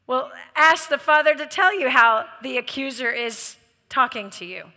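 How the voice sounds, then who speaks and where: Lively high-voiced woman teaching in a hall. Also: normal speed. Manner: emphatic, playful, often laughing between points. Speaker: host and speaker leading a live audience. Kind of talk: animated spiritual teaching to a live audience. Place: large event hall with a live audience. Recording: reverberant hall sound.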